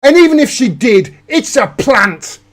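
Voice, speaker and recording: A man's voice: extremely high pitch, lively intonation, unhurried. A man hosting a live political commentary stream, ranting angrily and swearing often. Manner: angry, profane, heated ranting. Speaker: political commentator, livestream host.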